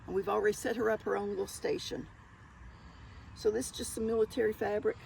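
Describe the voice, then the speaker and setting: A woman's voice: mid-range voice, flat delivery, quick pace, gravelly, a little mellow, slight background noise, poor audio. An older woman with a Southern US accent, chatting in a folksy way as she shows off her thrift finds to viewers. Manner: chatty and folksy, keeps calling the viewers y'all. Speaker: thrift haul vlogger. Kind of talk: casual show-and-tell haul.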